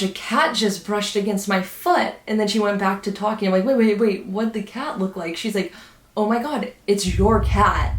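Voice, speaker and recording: A young woman telling a spooky story to her vlog viewers in a casual, animated way, acting out what people said. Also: mid-range voice. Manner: animated, acts out quotes, many "like" fillers. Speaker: vlogger. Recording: echoey room.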